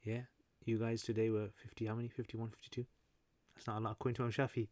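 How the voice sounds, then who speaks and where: A man's voice: fairly low pitch, little pitch movement, fast, a little mellow, dry recording. A British man hosting a casual livestream Q&A, chatty and joking, explaining Arabic terms as he reads through viewer comments. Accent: British English. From Britain. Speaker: livestream host answering chat.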